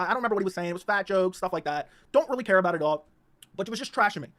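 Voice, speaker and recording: Male streamer, high-pitched and very fast, in a heated rant full of stumbling restarts. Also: lively intonation, a bit bright. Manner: rapid, repetitive, stumbling restarts. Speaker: livestream host.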